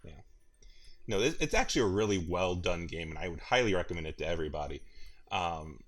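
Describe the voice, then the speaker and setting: A man's voice: deep voice, animated, fairly quick, a bit bright. A man hosting a casual gaming podcast, rambling through his thoughts with frequent laughs and restarts. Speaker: podcast host.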